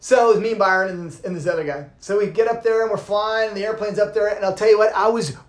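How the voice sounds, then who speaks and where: A man, a yoga teacher, giving an informal talk and telling a lively story, swearing casually and acting out the people in it. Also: high-pitched, fast. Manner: animated, swears casually, acts out voices. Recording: roomy echo.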